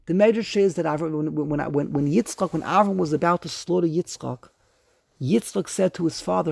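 A man leads a religious study class with emphatic, animated questions, drawing out quoted verses in a slow chant. His voice sits a little high with a gravelly edge. The recording is close and dry. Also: dry recording. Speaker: rabbi teaching a class.

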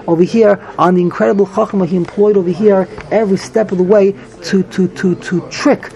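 Fast, high-voiced man teaching Talmud. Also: fairly even intonation, gravelly, mellow, low-quality recording. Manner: rapid, mixes Hebrew phrases with English explanation, frequent restarts. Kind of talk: Talmud class lecture.

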